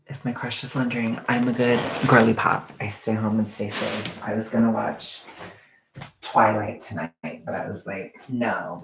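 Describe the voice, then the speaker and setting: A man's voice: on the low side, vocal fry, a bit bright, a little hiss or hum. A young man chatting casually to his viewers in a campy, talkative way with frequent swearing and asides. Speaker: vlogger. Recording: echoey room.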